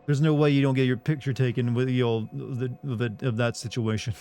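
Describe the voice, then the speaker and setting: A man's voice: medium pitch, level tone, fairly quick, darkish tone, slight background noise. A man streaming a game who argues with his chat in a casual, sarcastic way, swearing freely and sounding incredulous.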